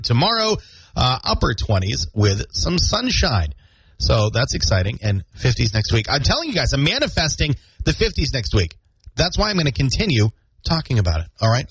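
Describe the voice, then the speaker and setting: A man hosting a morning radio show, chatting casually and jokingly between weather, ads and funny posts from a small studio. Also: mid-range voice. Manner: chatty, jokey, animated delivery.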